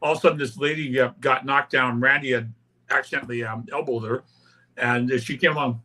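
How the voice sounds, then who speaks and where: Older man from Canada, bright and forceful voice, loose anecdotal guest. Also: medium pitch, steady tone, fairly quick. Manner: rambling anecdotes with many "right?" tags and acted-out quotes. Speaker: interview guest, punk musician. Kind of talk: casual storytelling interview.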